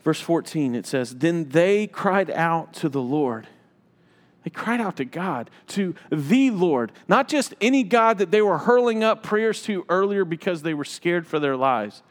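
High-voiced emphatic male preacher. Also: expressive, unhurried, in a large hall. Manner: emphatic, repeats phrases for effect. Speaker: pastor. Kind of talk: sermon.

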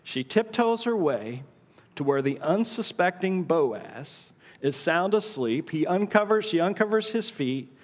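A middle-aged male pastor preaching a sermon in a church auditorium, telling the story with dramatic pauses and hushed asides. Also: a little high, expressive. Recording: long hall reverb.

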